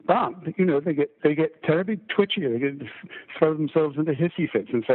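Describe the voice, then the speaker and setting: An older man with a baritone voice and a mixed British-American accent, an audiobook narrator chatting in an interview, self-deprecating, with stammering restarts. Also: lively intonation, a little fast, slightly rough, narrow, tinny audio. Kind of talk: casual interview chat.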